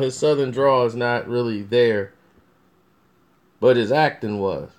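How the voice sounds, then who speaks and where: A man's voice: mid-range voice, a little slow, a little mellow. A man talking casually about upcoming films as a review vlogger, rambling with many restarts and fillers. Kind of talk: casual movie commentary.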